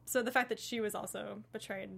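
A woman co-hosting a fan podcast, rambling quickly with lots of "like". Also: medium pitch, steady tone, creaky, fairly bright tone. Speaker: podcast co-host. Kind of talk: casual chat.

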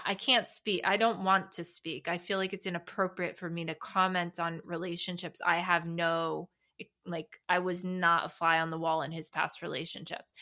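A woman's voice: fairly low pitch, bright, forceful tone. A woman hosting a solo podcast, talking candidly and reflectively in a loose, conversational way with frequent restarts. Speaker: podcast host.

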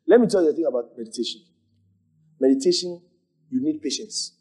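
A man pastor teaching a congregation, animated, repeating phrases and acting out moments as he preaches. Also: a little high, brisk, husky. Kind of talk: church teaching with questions.

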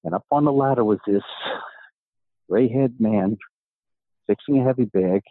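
A man's voice: fairly low pitch, normal speed, no echo. A middle-aged man from New York telling a long story in a podcast interview, acting out the voices of the people in it. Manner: animated storyteller, acts out quoted dialogue. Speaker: guest, author and gym owner. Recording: tinny phone-like sound.

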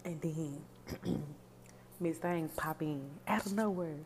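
A woman hosting a podcast, giving sassy, animated, profane commentary on song lyrics. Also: low-pitched, slow, a little hiss or hum. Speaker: podcast host.

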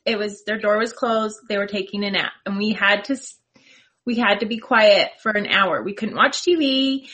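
Bright-voiced woman recalling childhood. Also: mid-range voice, moderate pace. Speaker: podcast co-host. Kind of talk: casual chat.

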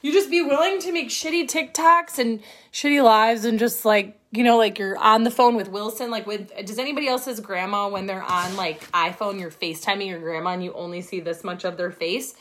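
A woman's voice: medium pitch, fairly quick, hardly any pauses, a bit bright. A woman coaching her team on a livestream from her phone, talking in a blunt, profane, fired-up way. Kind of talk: livestream pep talk.

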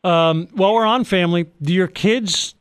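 A man's voice: high voice, moderate pace, clear, resonant tone, dry recording, studio quality. A man hosting a radio podcast, interviewing a guest in a friendly, courteous way. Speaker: radio host.

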